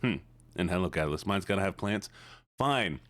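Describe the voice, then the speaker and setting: A man's voice: low-pitched, lively intonation, fairly quick, a bit bright, dry recording. A man streaming live and chatting casually with his chat, playful, with mumbled hums between lines.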